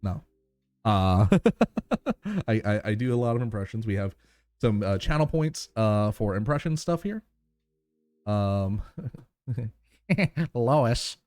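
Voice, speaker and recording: Streamer guy chatting to chat, warm mellow voice, kinda low, dry close sound. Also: measured pace, pauses often, clear, resonant tone, no room sound, soft background music. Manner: chatty, thankful, rambling with fillers. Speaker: live streamer. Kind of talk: casual live-stream chat.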